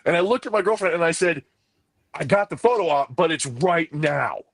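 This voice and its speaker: A man co-hosting a podcast, telling a rambling, excited story full of quoted back-and-forth. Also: a little high, normal speed, gravelly, no room sound. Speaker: podcast co-host. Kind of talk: casual chat, animated storytelling.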